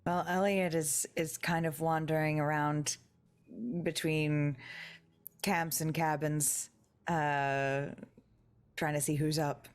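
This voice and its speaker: A woman's voice: deep voice, little pitch movement, slow, pauses often, smooth. A woman player describing her character's actions in a tabletop game in a plain, matter-of-fact way.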